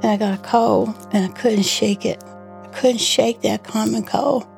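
A woman telling her own story in an interview, halting and repeating herself. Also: fairly high pitch, fairly even intonation, creaky, darkish tone, soft background music. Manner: halting, many fillers and repeats. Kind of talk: personal recollection.

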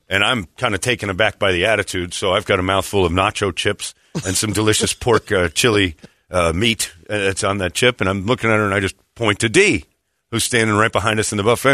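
In clean studio sound free of room noise, a man recounts a story in casual chat at a fairly quick clip. He gets animated, voicing the people he quotes in a higher pitch.

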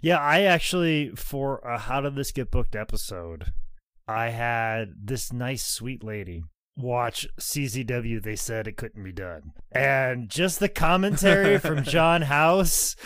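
Swearing, animated podcast guy. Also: medium pitch, takes it slowly, dry recording. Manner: swearing, animated, lots of fillers. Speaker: podcast co-host. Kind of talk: casual wrestling podcast chat.

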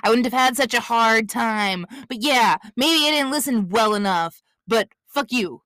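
A woman's voice: fairly high pitch, a little slow, fairly bright tone, dry recording, clean studio sound. A woman playing a petulant male contestant who swears through every reply. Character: sulky angry male contestant.

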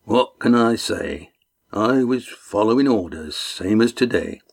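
A sly, worn-out sailor, voiced by a narrator drawls in rough, dropped-letter speech. He sounds shifty and unhurried in this storybook reading. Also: lowish voice, animated, full character voice.

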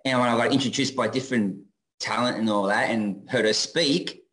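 A man's voice: medium pitch, moderate pace, fairly bright tone, poor audio. A man with a broad Australian accent chatting as a guest on a video call, hesitant with many ums. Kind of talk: casual chat on a video call.

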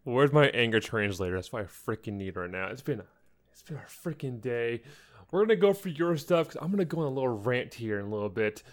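A man's voice: mid-range voice, lively intonation, fast. A young man co-hosting a podcast, telling an angry story in a casual chat and acting out the people he quotes. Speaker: podcast co-host.

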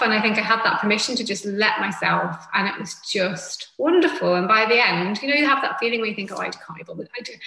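Bright-voiced woman, gentle. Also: medium pitch, creaky, echoey room, low-quality recording. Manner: gentle, reflective, with soft fillers. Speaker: podcast guest, yoga teacher. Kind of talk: casual conversation.

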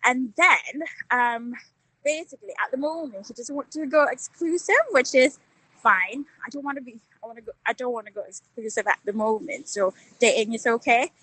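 A woman's voice: on the high side, normal speed, sharp tone, low-quality recording. A woman with a Northern English accent calling in, out of breath from walking, talking frankly with lots of fillers. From Northern England. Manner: frank, laughing, many fillers. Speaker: caller. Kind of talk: casual phone call.

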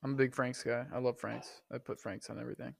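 A laid-back man chats and teases on a podcast. His medium-pitched voice has a gravelly crackle. He keeps things easygoing and encouraging. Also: steady tone, fast. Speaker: podcast guest. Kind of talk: casual chat.

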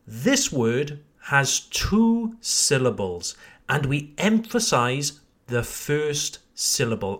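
A man with a British accent teaching English pronunciation on a podcast, encouraging and repeating each word slowly for learners. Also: a little high, big pitch swings, fairly bright tone. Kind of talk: podcast lesson.

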